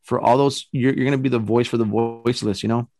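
Guy with a deep gravelly voice telling a spooky story, doing the sound effects, dry close mic. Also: quick pace, no echo. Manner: animated, acts out sounds and quotes himself, swears casually. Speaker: paranormal investigator telling a story. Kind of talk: casual storytelling.

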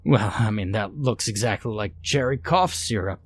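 A man's voice: lowish voice, normal speed, husky. A man voicing a skeptical councilman who scoffs with scornful disbelief. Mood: scoffing. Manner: scornful, incredulous.

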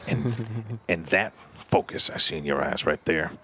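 A man playing a tabletop role-playing game, narrating his character's actions and jumping into loud mocking voices, with music behind. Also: low-pitched, animated, a little slow, husky.

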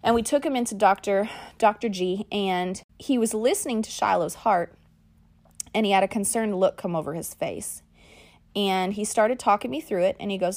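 A woman podcast host, telling a personal story in a lively way and calling her listeners y'all and guys. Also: mid-range voice, moderate pace. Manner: animated, acts out quoted lines.

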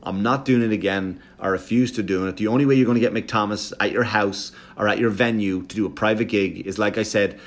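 Profane comedian telling a story. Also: male voice, on the low side, fairly quick, hardly any pauses. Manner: profane, animated, jokey. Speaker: comedian podcast host. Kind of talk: casual storytelling monologue.

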